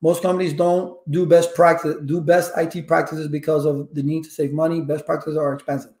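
Middle-aged male tech instructor, high-pitched, lecturing viewers casually in an echoey room. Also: level tone, brisk, a little mellow. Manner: talkative, preachy, addresses viewers by name. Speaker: network engineering instructor on a livestream. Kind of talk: casual live-stream talk.

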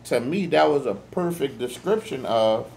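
A laid-back man with a New Orleans accent speaks at an ordinary middle pitch on a casual podcast. His talk is low-key and reflective, with a faint hiss of noise behind it. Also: animated, moderate pace, creaky, darkish tone. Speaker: podcast co-host.

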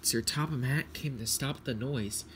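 Guy reading a train story out slow and careful, faint hiss behind. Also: mid-range voice. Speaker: narrator. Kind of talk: storybook narration.

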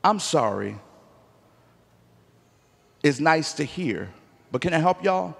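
A man preaching a sermon as pastor, animated, moving from quiet storytelling to shouting. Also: fairly high pitch, takes it slowly, vocal fry, big-room sound. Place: church sanctuary.

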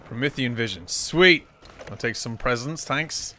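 Young let's player, rowdy and profane, bright voice, slow unhurried delivery. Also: male voice, mid-range voice, lively intonation, slight background noise. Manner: rowdy, joking banter at the game, cursing. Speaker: gaming YouTuber. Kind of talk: let's play commentary.

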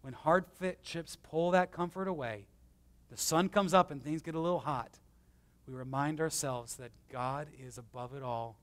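A man preaching a conversational sermon as pastor, swinging between emphatic and hushed, with self-deprecating stories. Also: fairly high pitch, normal speed. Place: church.

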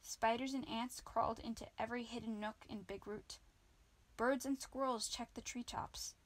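A woman narrating a children's book in an amateur audiobook, reading lively. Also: a little high, moderate pace. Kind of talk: children's book read-aloud.

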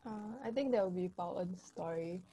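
A young woman answers hesitantly on a video call, filling pauses with "like". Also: fairly low pitch, dark tone, slightly rough, poor audio. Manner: hesitant, many "like" fillers. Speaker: workshop participant.

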